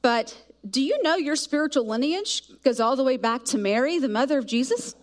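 A middle-aged woman from South Georgia, preaching a sermon full of animated personal stories. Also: sits high, fairly quick. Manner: animated storytelling, acts out voices of herself and kids.

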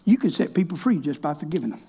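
A man's voice: on the high side, big pitch swings, quick pace, mellow, slightly rough. A male pastor preaching in a folksy, colloquial way, telling stories from his counseling work. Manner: folksy, colloquial, switches between quoted voices. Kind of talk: folksy sermon storytelling.

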